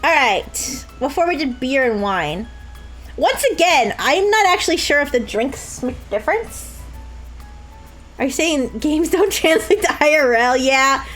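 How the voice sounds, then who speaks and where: High, lively young woman streaming a game. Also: a little slow, soft background music, poor audio. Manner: crude joking, frequent laughing, mock sobbing. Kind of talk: live-stream gameplay commentary.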